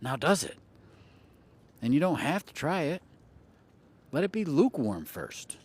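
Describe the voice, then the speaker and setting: A man's voice: fairly high pitch, sing-song, unhurried, breathy edge. A man hosting an astrology livestream in casual chat, playful and teasing with viewers, often repeating phrases for effect.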